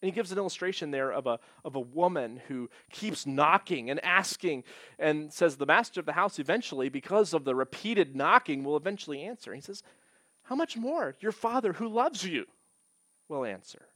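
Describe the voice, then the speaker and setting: A man preaching a sermon as pastor. He talks earnestly, slows down to stress key points and rises when he quotes scripture. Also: a little high, expressive, a bit bright, no echo.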